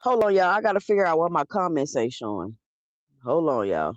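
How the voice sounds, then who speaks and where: A woman with a low, sing-song voice speaks a little fast as she hosts a live stream, talking bluntly and arguing directly with her chat. The audio is dull, with no echo.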